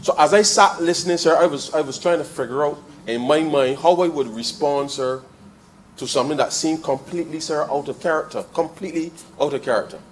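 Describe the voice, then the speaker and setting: A man with a Barbadian accent giving a parliamentary debate speech in the chamber, calling the chair "sir" almost every phrase and repeating lines as he builds to forceful points. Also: on the high side, fairly quick, slight background noise. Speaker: member of parliament.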